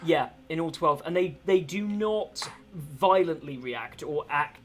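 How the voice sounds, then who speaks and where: A man narrating as game master in a tabletop game, relaxed and filling pauses with "um". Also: fairly high pitch. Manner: relaxed, many "um"s, laughs easily.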